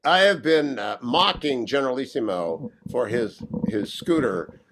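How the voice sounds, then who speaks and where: A man's voice: medium pitch, expressive, measured pace, fairly bright tone. A man hosting a radio talk show from a hotel room, goofy and rambling with jet lag.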